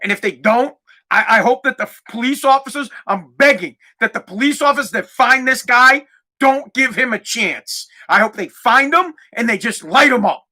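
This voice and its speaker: A man hosting a podcast, delivering an angry, profane solo rant that repeats itself and breaks into shouting. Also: very high-pitched, expressive, normal speed. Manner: heated, profane, repeats himself, shouts at times. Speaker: podcast host.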